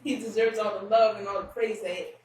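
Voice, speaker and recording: Woman interview guest, emotional and halting, off-mic in a roomy echo. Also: medium pitch, steady tone, a little mellow. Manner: emotional, halting, many restarts. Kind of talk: candid conversational interview. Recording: roomy echo, distant mic, faint room noise.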